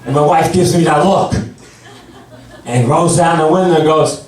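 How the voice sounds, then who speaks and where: In his stand-up set, a man in his sixties tells jokes in a deadpan style, doing higher voices for the people in his stories. He keeps a moderate pace, and his voice comes from far off in an echoey club with background noise.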